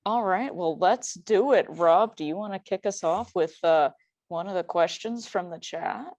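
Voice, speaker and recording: A woman hosting an interview, briskly steering the talk toward audience questions. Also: lowish voice, darkish tone, no room sound, muffled recording. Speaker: host. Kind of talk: moderating an interview.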